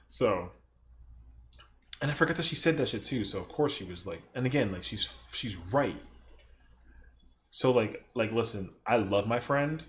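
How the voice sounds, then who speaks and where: A man's voice: mid-range voice, big pitch swings, normal speed, slight background noise. A young man chatting casually on a stream, rambling, swearing freely and acting out other people's lines in exaggerated voices.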